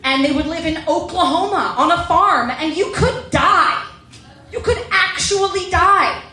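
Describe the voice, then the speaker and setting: A woman's voice: very high-pitched, expressive, a little slow, sharp tone, echoey room, recorded from a distance, poor audio. A young woman performing a chatty, self-deprecating stand-up comedy set and acting out the voices she quotes.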